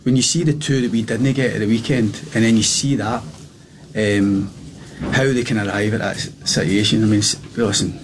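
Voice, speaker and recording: Halting football manager, noisy clip. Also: male voice, lowish voice, steady tone. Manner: halting, dismayed, many fillers. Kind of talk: press conference answers. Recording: clip with loud background noise.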